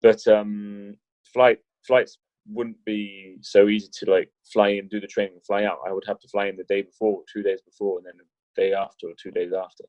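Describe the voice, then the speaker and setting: A man's voice: fairly low pitch, flat delivery, moderate pace, a little mellow, dry recording. A man talking as a podcast guest in casual interview chat, rambling with restarts and joking. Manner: rambling, many restarts and fillers, jokey. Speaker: podcast guest, wheelchair rugby league player. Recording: dull lo-fi podcast audio.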